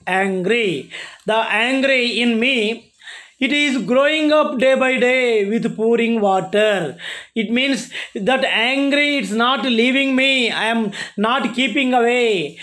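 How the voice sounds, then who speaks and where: A male college lecturer, explaining a poem to his class in a halting, repetitive way and asking himself questions before answering them. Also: very high-pitched, a bit bright. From India. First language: Telugu.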